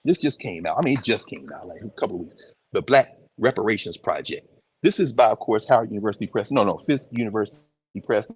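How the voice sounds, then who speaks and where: A man giving an informal, animated lecture on location in a museum, talking conversationally with emphatic asides. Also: fairly low pitch, fast, husky. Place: museum, indoors.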